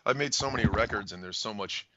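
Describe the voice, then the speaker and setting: A man's voice: lowish voice, fast talker, lo-fi sound, noisy background. An American band frontman chatting in an interview, rambling, joking and swearing as he talks. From United States. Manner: profane, rambling and jokey. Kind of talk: casual phone interview.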